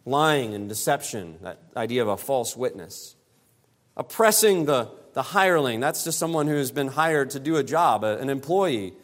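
A man's voice: mid-range voice, animated, normal speed, fairly bright tone. A man preaching an expository sermon, emphatic and given to repeating phrases for stress. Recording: long hall reverb.

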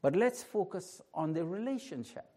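A pastor preaching a sermon, moving between a hushed, slow prayer and emphatic, rising declarations. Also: male voice, high voice, lively intonation.

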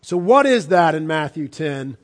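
A man preaching a sermon, swinging from fervent shouts down to low, hushed lines. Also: big pitch swings, a little slow. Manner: impassioned preaching, rising and dropping sharply. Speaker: pastor.

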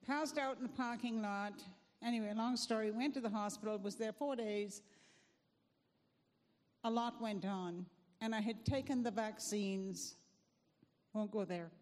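A woman giving a church testimony in an earnest, fervent, unhurried way. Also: medium pitch, a little mellow. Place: church sanctuary. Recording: long church hall reverb.

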